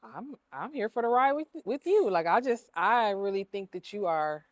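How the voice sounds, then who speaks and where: A woman's voice: medium pitch, lively intonation, moderate pace, no room sound. A woman who owns a cleaning business, talking openly in a casual interview, emotional and repeating herself with lots of fillers. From Ohio.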